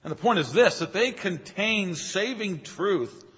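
A man delivers an earnest, emphatic sermon, his husky voice climbing on the phrases he stresses. The sound is muffled and lo-fi, and each word rings on in a long church-hall reverb. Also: sits high, expressive, unhurried, a bit bright. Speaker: preacher.

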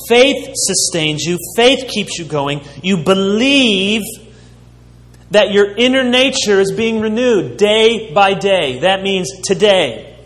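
A man preaching a sermon as a pastor, slow and emphatic, with dramatic pauses. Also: on the high side, fairly bright tone. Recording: long hall reverb.

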